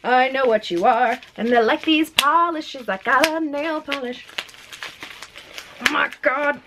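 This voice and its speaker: A young woman vlogging a makeup unboxing at home in a chatty, excitable, self-mocking way. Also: high-pitched, a little slow, background noise. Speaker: beauty vlogger. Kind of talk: casual unboxing vlog. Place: home room with a ring light.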